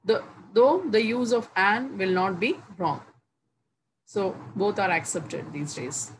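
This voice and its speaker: A woman teaching English grammar, explaining each rule slowly and repeating the example words one by one with pauses between phrases. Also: mid-range voice. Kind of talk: slow, deliberate classroom explanation. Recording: faint background noise.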